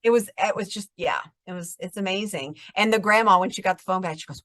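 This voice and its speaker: A middle-aged woman therapist explaining trauma responses in a conversational interview, telling stories and sometimes dropping to a calm soft voice. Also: mid-range voice, fairly quick, dry recording. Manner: explanatory, animated storytelling, drops to a calm soft voice when demonstrating.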